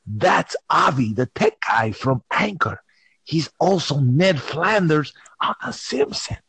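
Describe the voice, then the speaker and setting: Husky man spinning a goofy tale. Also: on the high side, lively intonation, slow, a bit bright, dry recording. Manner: theatrical, switching into whispers and silly voices. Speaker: caller telling a comic story. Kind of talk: playful improvised storytelling.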